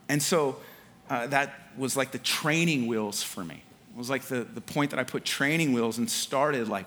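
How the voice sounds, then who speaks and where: A man preaching a sermon in a relaxed, conversational way, with slang and filler words. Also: medium pitch. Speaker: pastor. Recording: long hall reverb.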